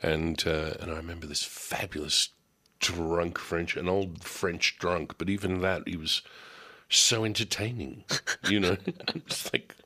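A man's voice: deep voice, fairly even intonation, a little slow, pushed and bright. A man, a radio host who chats and drifts into long stories. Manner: chatty, digressive storyteller. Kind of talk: casual interview chat.

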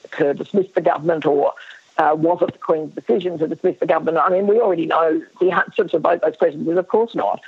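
Heard over a tinny phone line, this Australian historian is a radio interview guest whose voice is fading. It sits low, gravelly, with a breathy edge. She's emphatic, often restarting sentences and using plenty of fillers.

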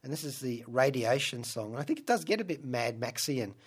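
A man's voice: mid-range voice, expressive, brisk, slightly rough. A man hosting a radio show, reviewing films in a casual, rambling, wry way. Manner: rambling and wry, many asides. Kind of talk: casual film review monologue.

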